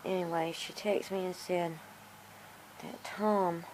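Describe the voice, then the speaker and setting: A woman's voice: on the low side, steady tone, takes it slowly, a little mellow, a little hiss or hum, poor audio. A woman rambling casually to her vlog camera, frustrated and in pain from a sore tooth. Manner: rambling, frustrated, self-talking. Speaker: vlogger. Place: outdoors in a yard.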